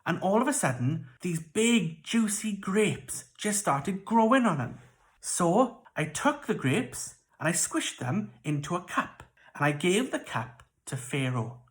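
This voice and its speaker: A children's church storyteller voicing an excitable male royal cupbearer in a bubbly, eager way. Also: mid-range voice, a little slow, pitched above the performer's own voice.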